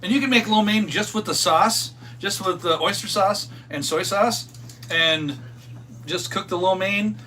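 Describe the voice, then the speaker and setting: A man's voice: high-pitched, a little slow, sharp tone. A man co-hosting a casual cooking stream, explaining the recipe in an easygoing way. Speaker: home cook, co-host. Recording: slightly distant mic with faint hum.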